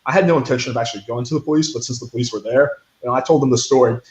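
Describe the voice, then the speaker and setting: A man's voice: medium pitch, racing, a little mellow. Young man, casual storytelling, profane and blunt, lots of fillers, roomy echo. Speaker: interview guest telling a story. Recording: echoey room.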